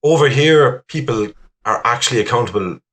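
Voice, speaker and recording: A man's voice: medium pitch, lively intonation, a little fast, a bit bright. A young Irish man chatting as a podcast guest, rambling with lots of fillers and laughs. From Ireland. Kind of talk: casual chat.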